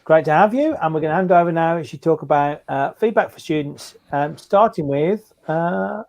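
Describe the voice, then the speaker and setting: A man hosting an online teaching webinar, introducing his guest in a relaxed, informal way over a video call. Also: fairly high pitch, normal speed, highs cut off. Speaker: webinar host.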